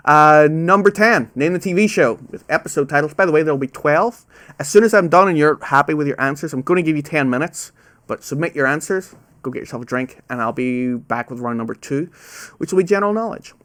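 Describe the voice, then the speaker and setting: Casual quizmaster reading trivia questions. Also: male voice, on the high side, lively intonation, fairly quick, fairly bright tone. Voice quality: trouble saying "ow" sounds. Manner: casual, self-deprecating, reads each question twice. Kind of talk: hosting a live online trivia quiz. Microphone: webcam.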